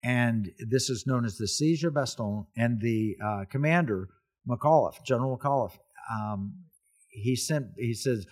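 A man's voice: mid-range voice, unhurried, a little mellow. Man host, earnest storyteller, plain mid voice. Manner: earnest storytelling, emphatic repetition. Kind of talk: casual history talk.

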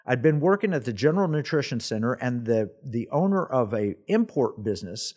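A man hosting a faith talk show, telling a personal story in an animated way and acting out the people in it. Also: mid-range voice, fairly quick. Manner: animated storyteller, acts out quoted voices. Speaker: host. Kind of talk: casual storytelling chat.

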